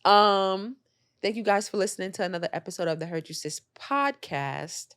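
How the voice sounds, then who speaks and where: A woman's voice: mid-range voice, normal speed, no echo, studio quality. A young woman co-hosting a podcast in casual chat, telling stories animatedly and acting out quotes. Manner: animated storytelling, acts out quotes loudly. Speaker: podcast co-host.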